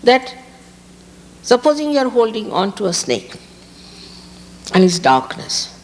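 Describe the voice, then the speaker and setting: A woman's voice: on the high side, big pitch swings, takes it slowly, big-room sound, a little hiss or hum. Emphatic woman giving a spiritual talk. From India. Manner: emphatic, repeats key words. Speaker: spiritual teacher. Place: outdoor park gathering.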